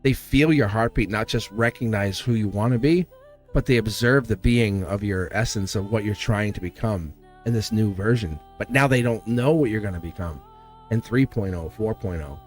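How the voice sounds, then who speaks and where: A middle-aged man hosting a live tarot reading, rambling and upbeat, his voice hoarse and cracking. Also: fairly low pitch, normal speed, faint music behind. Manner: rambling, upbeat, repeats himself. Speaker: tarot reader and host.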